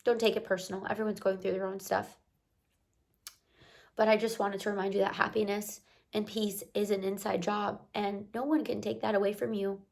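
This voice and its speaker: A woman's voice: mid-range voice, level tone, moderate pace, vocal fry, a little mellow. A young woman talking earnestly to camera, giving a heartfelt motivational pep talk with repeated encouraging phrases. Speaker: motivational vlogger.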